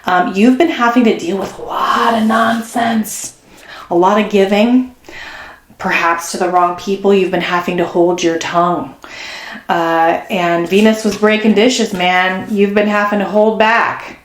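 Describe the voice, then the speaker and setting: A woman doing a casual, chatty tarot reading, talking warmly and effusively to her viewers. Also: mid-range voice, steady tone, unhurried. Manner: chatty and effusive, gasps and acts out quotes. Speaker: tarot reader. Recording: echoey room.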